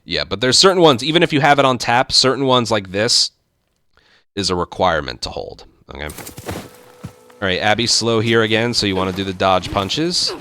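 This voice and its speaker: A man hosting a speedrun tutorial, explaining step by step in relaxed casual game commentary. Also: on the low side, moderate pace.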